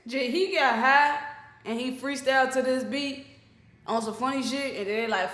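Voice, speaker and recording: A man's voice: extremely high pitch, normal speed, pushed and bright. A man hosting a reaction video, talking casually with a lot of slang and swearing, and speaking bluntly to his viewers. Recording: roomy echo.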